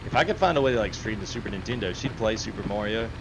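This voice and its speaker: Man hosting a game stream, lively up-and-down voice, game noise behind him. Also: lowish voice, racing. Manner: chatty, laughs often, reads chat aloud. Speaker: gaming livestream host. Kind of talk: casual livestream chat.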